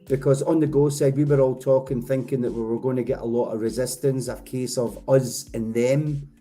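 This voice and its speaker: A man's voice: mid-range voice, steady tone, normal speed, warm tone, soft background music. A man hosting a casual live show, chatting and laughing with players in a virtual poker game, often stammering and restarting. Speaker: host interviewing players.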